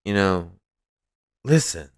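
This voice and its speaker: A man's voice: low voice, expressive, slow, no room sound, clean studio sound. A man hosting a podcast, giving profane, mocking and combative political commentary. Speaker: podcast host.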